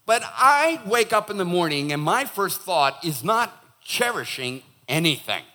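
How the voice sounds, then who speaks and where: A man who is a pastor preaching a sermon in church, animated and joking, acting out the voices he quotes. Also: sits high, measured pace.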